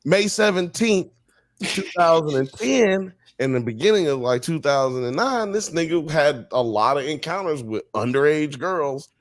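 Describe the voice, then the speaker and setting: A man co-hosting a casual live podcast, talking in animated, slangy style and firing off rhetorical questions. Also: on the high side, moderate pace, no room sound. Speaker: podcast co-host. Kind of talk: casual chat on a live stream.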